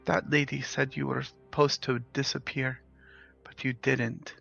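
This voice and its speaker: A small, gentle girl speaks softly and hesitantly, her tone tender and reassuring, as a man puts her on. The voice is gravelly and bright, and the lo-fi recording has faint music behind it. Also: mid-range voice, little pitch movement, a little slow, heavily acted. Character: small gentle young girl comforting a friend. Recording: slightly dull, lo-fi with faint music.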